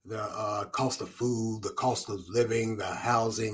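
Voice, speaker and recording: Husky man musing aloud. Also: medium pitch, normal speed, few pauses. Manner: conversational, rambling with restarts, wry chuckles. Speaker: commentator. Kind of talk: solo spoken commentary.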